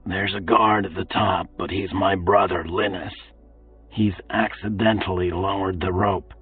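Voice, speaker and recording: A man voicing a gruff, brutal male slave overseer who talks in a low, menacing whisper. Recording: tinny phone-like, distant, faint music.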